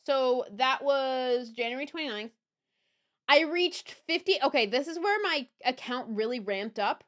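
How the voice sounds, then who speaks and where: A young woman livestreaming, talking loosely and off the cuff. Her voice sits a little high and sounds smooth and clear. She rambles, drops a swear here and there and laughs easily. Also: a little slow, a bit bright. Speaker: streamer. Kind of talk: casual livestream chat.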